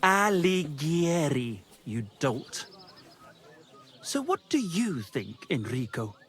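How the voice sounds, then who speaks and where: An actor playing a pompous, lovesick young poet in a video game, speaking theatrically and pedantically. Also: male voice, mid-range voice, huge pitch swings, slow pace, heavily acted. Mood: haughty.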